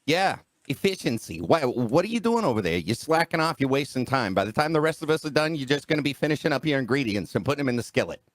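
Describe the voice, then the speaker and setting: A man's voice: mid-range voice, sing-song, fast, few pauses, dry recording. Man, tabletop player, snide taunting banter, dry sound.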